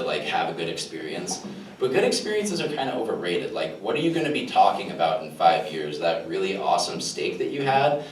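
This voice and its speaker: A young man performing a self-deprecating stand-up comedy set to a live crowd, often chuckling at his own jokes. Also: sits low. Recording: roomy live recording from a distant mic with room noise.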